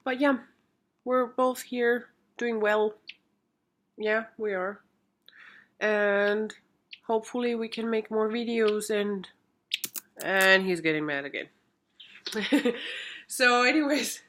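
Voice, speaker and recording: A woman's voice: fairly high pitch, slow pace, long pauses, a bit bright. A woman chatting casually to camera in a vlog, cooing baby talk to her small pet between updates. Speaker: makeup artist vlogger.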